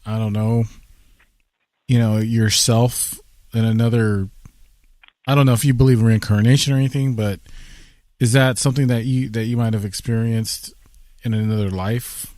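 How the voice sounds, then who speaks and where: A male radio host works his way through a question, stopping and restarting as he searches for words. His voice is mid-pitched, and the dry studio sound keeps him close. He speaks in a plain conversational tone. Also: steady tone, normal speed, long pauses, a little mellow, dry recording. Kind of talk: radio interview.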